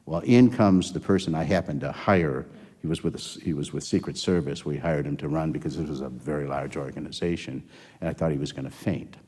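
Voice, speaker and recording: A man's voice: very deep voice, brisk, warm tone, breathy edge. An older man, a former health system executive, telling a long story in an interview, rambling and acting out the dialogue. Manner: rambling anecdotal, acts out quoted dialogue.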